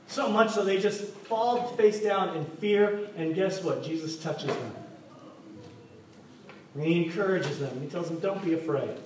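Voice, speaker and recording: A pastor with a high-pitched, somewhat slow voice preaches a sermon in church, playfully joking and putting questions to the congregation. He's recorded from far off in an echoey hall, with faint noise.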